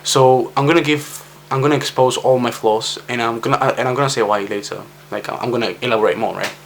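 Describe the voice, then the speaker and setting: A man's voice: medium pitch, steady tone, fast talker, slight background noise. A young man from Spain with a Spanish accent, stuttering and restarting as he talks casually to camera in his vlog. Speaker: vlogger.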